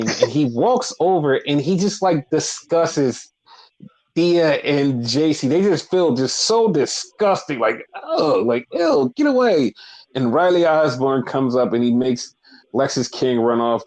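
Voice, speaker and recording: A man chatting casually as a podcast co-host, talking through wrestling shows with plenty of "like" and offhand swearing. His voice sits at an ordinary middle pitch, and he rambles along in relaxed storytelling. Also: a little slow, poor audio. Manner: loose, profane storytelling with lots of fillers. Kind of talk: casual chat recapping wrestling.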